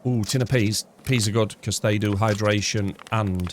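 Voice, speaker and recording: A man streaming a shooter game live, rambling and thinking out loud, chatting to his viewers with jokey asides and casual swearing. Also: on the low side, steady tone, normal speed, a little hiss or hum. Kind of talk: live gameplay commentary.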